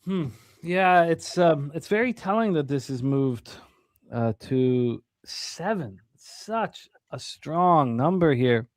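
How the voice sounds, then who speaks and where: A man co-hosting a sports betting show, running quickly through odds and percentages with frequent fillers in a casual way. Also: a little high, expressive, no room sound. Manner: reads odds and numbers quickly, many fillers.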